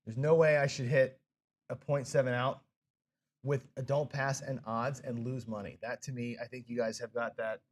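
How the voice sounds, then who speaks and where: A man's voice: mid-range voice, level tone, moderate pace. A man hosting a live craps stream in casual chat, frustrated and self-deprecating, swearing and scolding himself over his mistakes. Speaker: craps show host.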